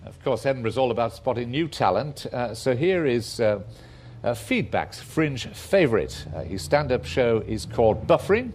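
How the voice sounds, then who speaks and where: A man's voice: mid-range voice, big pitch swings, moderate pace, a little mellow, slight background noise. An older man presenting a radio discussion programme, with dry, wry asides.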